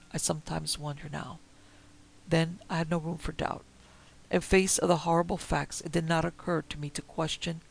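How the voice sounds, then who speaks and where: A man reading a Victorian-style story aloud in a measured, quiet manner. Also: a little high, creaky, rough recording. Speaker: narrator.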